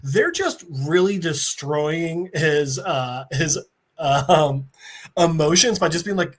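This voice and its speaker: A man's voice: fairly high pitch, animated, takes it slowly. A man hosting a casual podcast, recapping a TV episode with swearing, laughs and put-on character voices. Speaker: podcast host.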